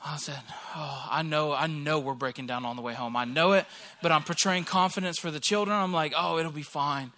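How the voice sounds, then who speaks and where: A man in his thirties, a pastor from Alabama, preaching a sermon through a lively personal story and acting out the people he quotes. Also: fairly high pitch, a little fast, few pauses.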